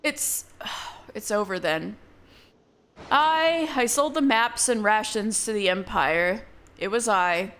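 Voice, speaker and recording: A woman's voice: mid-range voice, takes it slowly, fairly bright tone, pitched below the performer's own voice. A woman voicing a male guard in a video game who stammers desperately while pleading and confessing, reading the lines aloud on a live stream. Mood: remorseful.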